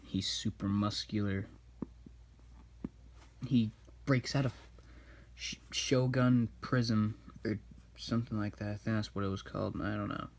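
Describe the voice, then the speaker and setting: Slow, rambling man recapping a cartoon. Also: fairly low pitch, fairly even intonation, a little hiss or hum. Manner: rambling, self-correcting. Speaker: drawing video maker. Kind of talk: casual film recap.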